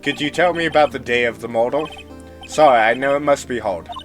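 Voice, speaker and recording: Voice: medium pitch, brisk, lightly acted. A fan voice actor voicing an earnest young male lawyer who asks plain, pressing questions. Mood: questioning. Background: music.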